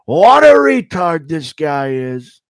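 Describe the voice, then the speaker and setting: A man putting on an impression: a sneering man with a high, slow, drawn-out voice. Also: very animated, no room sound. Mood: mocking.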